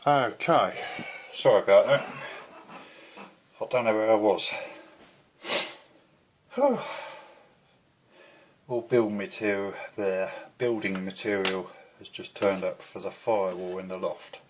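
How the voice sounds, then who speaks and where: Slow, low-voiced bloke rambling. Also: male voice, a little hiss or hum. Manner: chatty, self-deprecating, swears under his breath, loses his thread. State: out of breath. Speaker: model kit reviewer. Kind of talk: casual rambling kit review.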